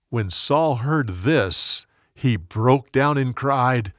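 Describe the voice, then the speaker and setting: A man narrating a Bible story in a slow, expressive storytelling manner. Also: medium pitch, no echo, clean studio sound.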